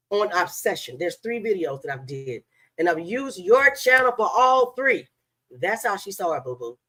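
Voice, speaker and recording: A woman's voice: on the high side, a bit bright. A woman hosting a casual live stream, talking in a sassy, blunt, taunting way straight at someone she is calling out. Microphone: webcam live stream.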